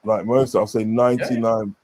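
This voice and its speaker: A man's voice: lowish voice, flat delivery, moderate pace, a little mellow. Rambling man chatting casually. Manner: rambling, repeats himself, many fillers. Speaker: streamer. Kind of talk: casual chat.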